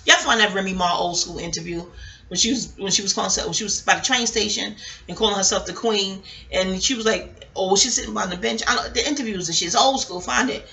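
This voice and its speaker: A woman's voice: medium pitch, quick pace, gravelly, sharp tone. A woman vlogger telling a rambling, profane story straight to her viewers in a casual way.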